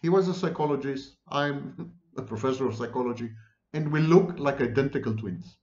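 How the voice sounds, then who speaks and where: A man's voice: medium pitch, normal speed, darkish tone. A man lecturing on psychology and reading a story aloud, with dramatic delivery and wry asides. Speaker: psychology professor. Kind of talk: video lecture with a read-aloud excerpt. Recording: roomy, dull lo-fi sound.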